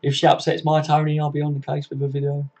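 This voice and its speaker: Reading viewer comments aloud on a relaxed live stream, this man in his 40s keeps things friendly and matey, cursing without restraint. He speaks fast in a monotone, with a slightly high, somewhat mellow voice captured in dull, lo-fi stream audio.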